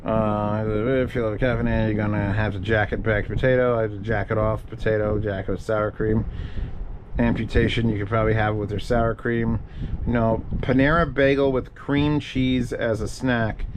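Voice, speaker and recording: A man's voice: lowish voice, flat delivery, normal speed, noisy background. Profane rambling male streamer. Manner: profane, rambling, thinking aloud. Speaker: streamer answering audio questions. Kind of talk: casual livestream chat.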